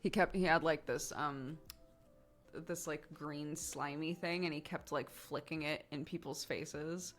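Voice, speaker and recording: A woman's voice: low-pitched, unhurried, faint music behind. A woman, chatting casually on a live stream and telling family stories, laughing often and acting out other people's lines. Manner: animated storyteller, laughing often, acts out relatives' lines.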